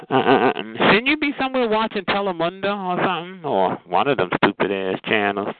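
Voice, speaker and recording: A man's voice: on the high side, big pitch swings, normal speed. A man ranting on the phone in a sassy, mocking way, calling people honey and child. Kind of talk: profane phone rant. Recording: tinny phone line with faint noise.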